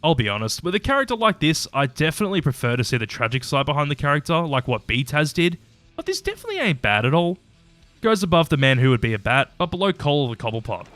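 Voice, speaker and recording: A man racing through a casual review with a lively, swooping delivery. He is chatty and opinionated and tosses in a mild curse now and then. His voice is close and dry, with soft music underneath. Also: fairly high pitch, quick pace, dry recording. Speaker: YouTube episode reviewer. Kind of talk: casual commentary ranking episodes.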